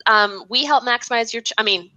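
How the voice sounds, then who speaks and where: A woman's voice: a little high, a little fast, bright, forceful tone, no echo, rough recording. A woman giving direct, blunt advice on writing copy as a guest in a live online review session. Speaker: guest copywriting expert.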